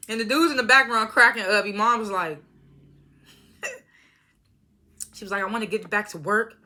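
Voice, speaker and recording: Her voice sits in the mid range, bright and forceful, at a moderate pace with frequent pauses. She runs through a reality show episode in a relaxed, slangy way, laughing a lot and performing what the cast members said.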